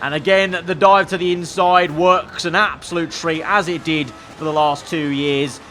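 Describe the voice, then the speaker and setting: A man's voice: fairly high pitch, fairly even intonation, normal speed, sharp tone, slight background noise. A man, a gaming channel host, giving sarcastic, rambling gameplay commentary.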